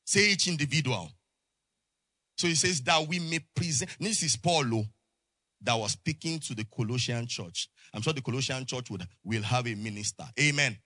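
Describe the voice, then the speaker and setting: Man, preacher, sermon, call-and-response, asks for amens, middle pitch, dry close sound. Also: moderate pace, bright, forceful tone, no room sound. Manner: call-and-response preaching, frequent "amen" prompts. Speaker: pastor. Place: church.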